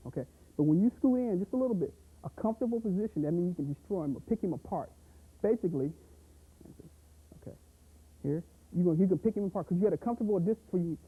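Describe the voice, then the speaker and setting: A man coaching boxing technique in an energetic, punchy way, full of sound effects and repeated catchphrases. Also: high-pitched, breathy edge. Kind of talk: instructional pad-work demo. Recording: tinny, phone-like audio.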